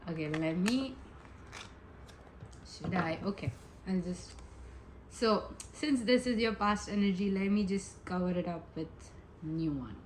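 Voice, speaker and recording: A woman's voice: on the low side, a little slow, long pauses, darkish tone, a little hiss or hum, low-quality recording. A woman giving a casual pick-a-pile tarot reading, chatty and giggly, rambling with many asides. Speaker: tarot reader.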